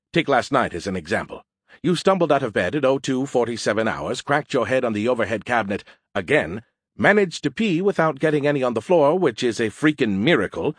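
A man's voice: on the low side, breathy edge, dry recording, studio quality. A man voicing a smug, insulting male alien AI who mocks humans with sarcastic bragging. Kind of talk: audiobook character voice.

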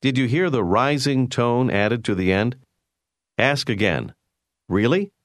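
A man narrating a language course in a clear, measured way, prompting the learner with phrases to say. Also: mid-range voice, no echo, clean studio sound. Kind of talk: scripted instructional narration.

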